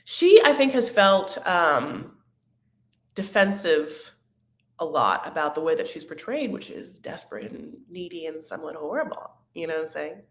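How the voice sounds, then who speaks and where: A woman recapping a reality show in a catty, dramatic, gossipy manner, with sudden loud outbursts. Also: low voice, sing-song, moderate pace, reverberant. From Arab-American. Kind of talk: casual recap chat.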